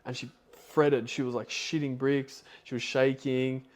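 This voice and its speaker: A man's voice: medium pitch, level tone, a little slow. A man hosting a podcast, retelling a story in a loose, rambling way with lots of fillers. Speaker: podcast host.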